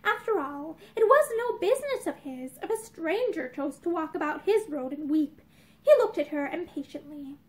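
A young woman reading a novel aloud to camera, with measured storytelling and dramatic emphasis. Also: high-pitched, animated. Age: young adult. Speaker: narrator. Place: indoors, room with bookshelves.

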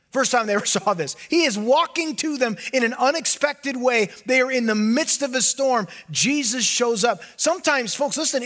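Guy pastor preaching, pretty high voice, swings up and down a lot, goes quiet n low for effect. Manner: animated preaching, often dropping to a hushed low voice. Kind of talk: sermon.

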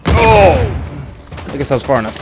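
A young man giving lively let's-play commentary, exclaiming and laughing often as he plays a shooter game. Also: fairly high pitch, normal speed, noisy background. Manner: excitable, frequent exclamations and laughs. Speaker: gamer. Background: game music and gunfire.

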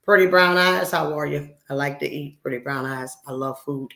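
A woman's voice: rumbling low, little pitch movement, moderate pace, gravelly, a little hiss or hum. Brash, profane woman in her sixties. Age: 60s. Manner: brash, profane, teasing scolding. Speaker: livestreamer. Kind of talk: casual live-stream chat with viewers. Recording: roomy echo.

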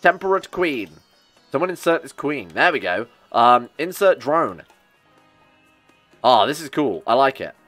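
A man's voice: mid-range voice, very animated, unhurried, pauses often, a bit bright, soft background music. A man giving casual, joking commentary while he plays a video game, often annoyed and swearing. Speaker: gaming streamer.

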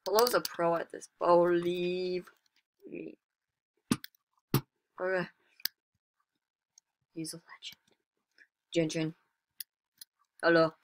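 A woman casually commentating her own online gameplay as a channel host, chatty and excitable, with sudden exclamations and self-mocking remarks. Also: lowish voice, very slow, pauses often, slight background noise.

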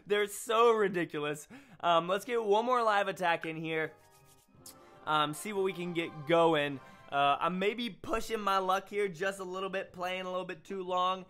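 Bright-voiced excitable young gamer guy. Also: high voice, measured pace, soft background music. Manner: excitable, exclaims and groans at the game. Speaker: gaming YouTuber. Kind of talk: live gameplay commentary.

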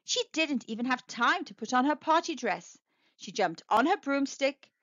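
A woman telling a children's story aloud, with a sing-song, expressive delivery, in a slightly muffled, dry recording. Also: high voice, moderate pace, dry recording. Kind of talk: children's read-aloud narration.

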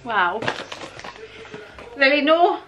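A woman's voice: high voice, drawn-out words, highs cut off. Gushing woman in her fifties. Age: 50s. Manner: gushing, repeats exclamations, stammers with excitement. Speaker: vlogger. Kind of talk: excited unboxing vlog.

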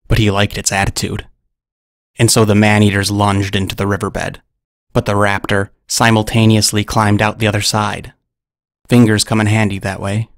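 A man with a gravelly, low voice narrates a scripted story with dry, deadpan humor. His delivery stays even and flat, recorded close with a dry sound. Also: moderate pace, no echo.

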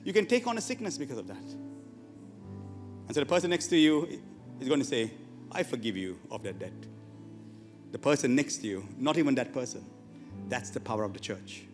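A man's voice: medium pitch, animated, brisk, long pauses, long reverb tail, faint music behind. A man preaching a sermon to his church, emphatic and often asking the congregation questions. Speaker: pastor. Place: church hall.

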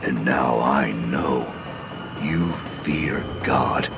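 A man's voice: low voice, a little slow, loud music behind the voice. A man voicing a zealous middle-aged religious killer who solemnly preaches scripture in an audio drama. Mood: menacing.

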